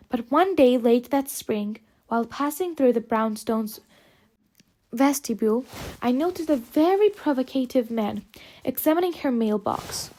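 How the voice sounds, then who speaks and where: A woman reading an audiobook aloud, narrating in measured, phrase-by-phrase delivery. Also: high voice, darkish tone. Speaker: audiobook reader. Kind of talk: scripted narration.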